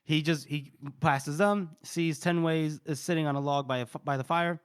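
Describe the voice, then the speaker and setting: This podcast co-host has a slightly high, smooth voice and talks at a normal speed. Chatting casually, he jokes his way through a fantasy novel chapter recap, performing quoted lines and cursing freely.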